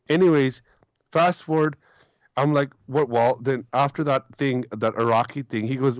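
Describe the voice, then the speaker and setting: A man's voice: mid-range voice, steady tone, moderate pace, dry recording, lo-fi sound. A man calling in to a talk show, telling a long story and repeating his words as he goes. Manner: rambling, repeats himself, quotes others. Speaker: caller.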